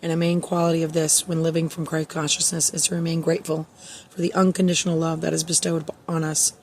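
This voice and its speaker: Woman, tarot reader, soft and reassuring, fairly even flat delivery, faint hiss behind. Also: sits low, fast. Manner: soft-spoken, reassuring, many fillers. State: emotional, near tears. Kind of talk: casual spiritual tarot reading with read-aloud passages.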